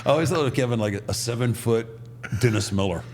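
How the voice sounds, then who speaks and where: An older man hosting a podcast, stumbling through restarts and chuckling in casual chat. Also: mid-range voice. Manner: halting, stammering restarts with chuckles. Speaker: podcast host. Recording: loud background noise.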